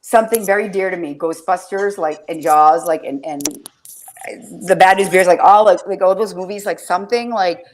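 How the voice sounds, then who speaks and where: A woman's voice: fairly low pitch, moderate pace, a little hiss or hum. A woman hosting a casual podcast chat, rambling through stories, swearing freely and getting emotional. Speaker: podcast host.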